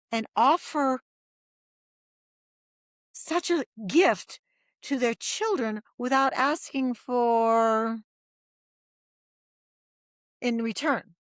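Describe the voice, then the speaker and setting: A woman's voice: high-pitched, takes it slowly, pauses often, dry recording, studio quality. A middle-aged woman telling her story as a podcast guest, acting out the voices of people she quotes. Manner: lively storyteller who acts out quoted voices.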